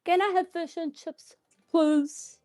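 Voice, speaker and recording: A woman's voice: very high voice, steady tone, slow pace, dark tone, no room sound, clean studio sound, voice pushed up. A woman putting on the voice of a pleading, overly polite posh British grown man begging his mother for food.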